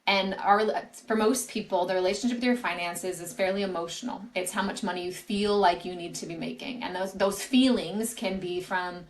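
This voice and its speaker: A woman's voice: lowish voice, fairly even intonation, moderate pace, hardly any pauses, low-quality recording. Woman guest, career coach; earnest, explanatory, restarts phrases; podcast interview.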